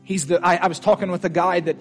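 A man's voice: sits high, little pitch movement, fast talker, faint music behind. A man preaching a sermon in church, fervent and emphatic, repeating his lines for force. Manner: fervent, emphatic, repetitive exhortation.

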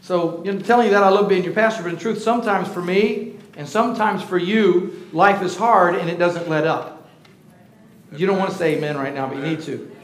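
A man's voice: high-pitched, brisk. A middle-aged man preaching a sermon as pastor, talking conversationally and calling out to his congregation. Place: church sanctuary. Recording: roomy echoey hall.

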